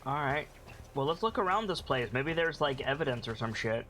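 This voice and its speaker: A man's voice: medium pitch, expressive, fairly quick, pushed and bright, slight background noise. A male streamer casually commenting on his gameplay at home, sneezy and tired, swearing now and then. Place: home room.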